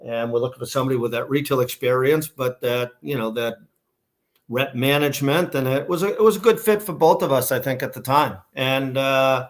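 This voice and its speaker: A middle-aged man with a Boston accent talks as an interview guest. He tells his stories in a loose, rambling way, full of fillers and restarts, at an everyday mid pitch. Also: brisk. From Massachusetts, USA. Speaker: guest, shoe company founder. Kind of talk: casual storytelling interview.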